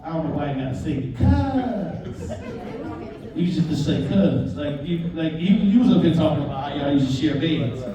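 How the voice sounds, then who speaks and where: A man doing a stand-up comedy set in a live club, animated and talking straight to the crowd. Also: a little high, quick pace, hardly any pauses, dull audio. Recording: roomy, far-off mic, loud crowd. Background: audience laughter.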